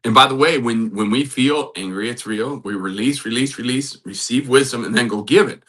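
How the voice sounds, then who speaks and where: A man hosting a faith-based talk, urging love and repeating affirmations in a soft, earnest way. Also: mid-range voice, normal speed. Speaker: host and matchmaker.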